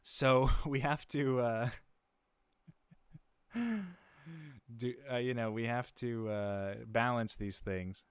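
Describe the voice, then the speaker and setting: A man hosts a livestream in a laid-back style, chatting casually with many fillers and restarts and chuckling often. His medium-pitched voice is steady, clear and resonant with no echo, and he speaks slowly with long pauses.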